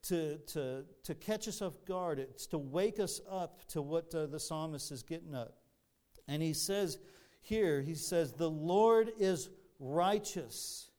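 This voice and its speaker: Earnest man preaching, smooth clear voice. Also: sits high, a little mellow. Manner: earnest, repeats words and restarts often. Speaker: pastor. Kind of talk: sermon.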